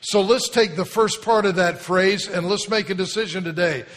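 A man's voice: high voice, normal speed, a bit bright, in a large hall. A man preaching a sermon as pastor of a church, speaking emphatically and leading the congregation to repeat phrases after him. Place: church sanctuary.

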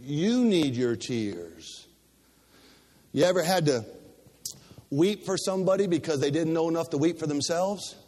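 High-voiced preaching man, hall reverb. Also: a little fast, a little mellow. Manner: rising preaching cadence, repeated rhetorical questions; restarts and repeated words. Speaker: pastor. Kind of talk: sermon. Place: church sanctuary.

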